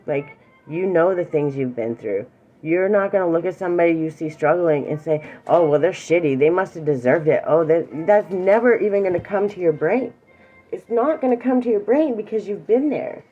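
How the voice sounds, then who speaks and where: A woman's voice: on the low side, expressive, normal speed, muffled recording, faint music behind. A middle-aged woman teaching emotional awareness in a casual, earnest talk, reassuring a viewer directly and sometimes close to tears. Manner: warm, earnest and reassuring, speaks straight to one viewer; emotional, near tears at times.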